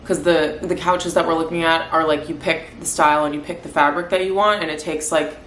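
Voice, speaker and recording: A woman's voice: low voice, steady tone, brisk, a bit bright. A woman in her twenties chatting casually in a home vlog, upbeat and full of "like" fillers. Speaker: lifestyle vlogger. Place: apartment at home. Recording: echoey room, faint background noise.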